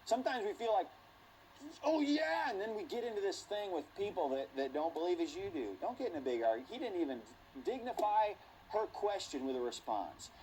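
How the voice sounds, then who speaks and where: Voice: medium pitch, lively intonation, fast, a little mellow, a little hiss or hum, poor audio. A Bible teacher telling a Bible story to a class in a playful, theatrical way, laughing and acting out the scenes.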